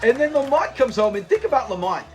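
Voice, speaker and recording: A man with a high voice chats casually through a sitcom episode he loves, quoting the characters' lines and breaking into laughter. His delivery is animated and full of playful mimicry. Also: fast talker. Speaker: host of a show review channel.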